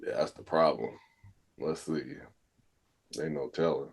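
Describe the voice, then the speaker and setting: A man co-hosting a movie review podcast, talking in a laid-back, rambling, profane way with drawn-out hesitations. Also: a bass voice, gravelly, breathy edge. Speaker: podcast co-host. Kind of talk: casual movie review chat.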